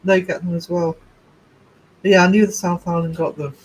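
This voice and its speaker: A man's voice: high voice, little pitch movement, moderate pace, a little hiss or hum, rough recording. A middle-aged man hosting a casual livestream, rambling chattily through stories and replies to his chat. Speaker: livestream host.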